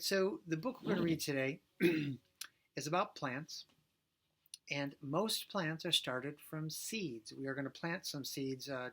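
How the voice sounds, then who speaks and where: A male preschool teacher talking gently and playfully to young children, singing a silly song and reading a picture book aloud. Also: fairly high pitch. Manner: gentle, playful, talks directly to young kids.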